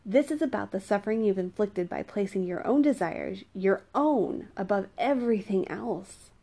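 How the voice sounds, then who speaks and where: A woman's voice: medium pitch, lively intonation, normal speed, gravelly, warm tone. A woman voicing a stern but forgiving king who speaks sharply and with command. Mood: angry.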